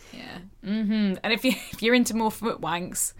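A woman co-hosting a podcast, excitable and swearing freely in casual chat. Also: medium pitch, unhurried. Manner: excitable, swears a lot, bursts of laughter. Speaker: podcast co-host.

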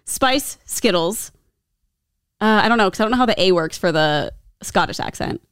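A woman's voice: medium pitch, quick pace, fairly bright tone, smooth, no echo, clean studio sound. A woman co-hosting a podcast, chatty and giggly, playfully trying out jokes. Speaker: podcast co-host. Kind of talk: casual chat.

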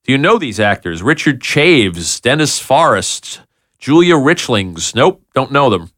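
A man hosting a podcast, chatting casually and reading out TV show titles, names and dates in a quick, animated way. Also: mid-range voice, dry recording, clean studio sound. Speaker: podcast host. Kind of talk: casual chat, reading out TV listings.

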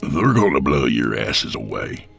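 A man's voice: a bass voice, big pitch swings, a bit bright, soft background music, pitched below the performer's own voice, heavily acted. A man voicing a menacing old hillbilly villain in an audiobook, with a growling, drawling delivery. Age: older. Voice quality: growling, gravelly. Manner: slow, drawling menace with evil laughs.

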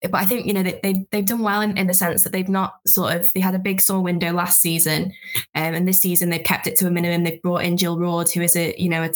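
A woman football journalist on a podcast panel, talking through her analysis quickly and thinking aloud. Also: on the low side. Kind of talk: casual chat.

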